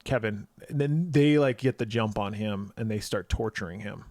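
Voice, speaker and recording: A man's voice: on the low side, normal speed, a little mellow, no echo, studio quality. A man co-hosting a horror film podcast, chatting casually, joking and swearing, often laughing. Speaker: podcast co-host. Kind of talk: casual chat.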